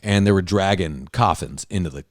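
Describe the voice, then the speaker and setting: A middle-aged man hosting a podcast, telling animated stories in casual chat and swearing freely. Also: sits low, a little fast, dry recording, studio quality. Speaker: podcast host.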